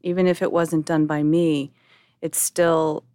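A woman's voice: deep voice, flat delivery, unhurried, warm tone, smooth, no echo. A middle-aged woman co-hosting a podcast, talking candidly and emotionally, often restarting her sentences as she searches for words. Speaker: podcast co-host.

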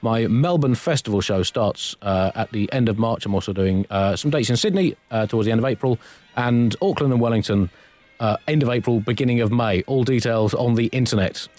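A man's voice: mid-range voice, brisk, darkish tone. A man hosting a comedy podcast, telling a mock-historical tale in a wry, playful way. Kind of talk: comic storytelling and sign-off.

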